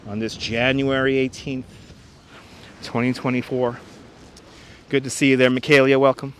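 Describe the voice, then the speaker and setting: A man's voice: mid-range voice, little pitch movement, normal speed, a little hiss or hum. A man live-streaming outdoors on a frozen beach, chatting casually and greeting viewers by name on a wireless lapel mic. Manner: chatty, greets viewers and reads chat names aloud. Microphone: wireless lapel mic, phone on gimbal.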